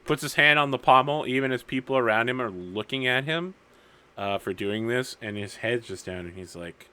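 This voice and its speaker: Male game host, playful dramatic narration, bright voice. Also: medium pitch, lively intonation, normal speed, clear, resonant tone. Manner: dramatic, half-joking narration with in-character lines. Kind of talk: narrating and acting in a tabletop game.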